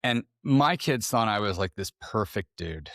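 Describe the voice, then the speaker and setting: Blunt, low-voiced middle-aged man. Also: lively intonation, normal speed, a bit bright, no room sound, clean studio sound. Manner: blunt, profane, acts out quoted voices. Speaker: guest, entrepreneur. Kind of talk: candid conversational storytelling.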